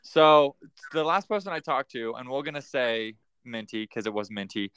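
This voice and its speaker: A man's voice: medium pitch, animated, moderate pace, fairly bright tone, clear, resonant tone, dry recording. A man hosting a casual podcast chat, joking and laughing often. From United States. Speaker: podcast host.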